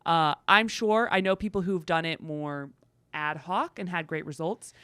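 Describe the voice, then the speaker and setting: A young woman trades sarcastic, profane banter as a podcast co-host, laughing often. Her voice is bright and forward. The sound is dry and close. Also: fairly low pitch, normal speed, clear, resonant tone, no room sound. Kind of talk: casual chat.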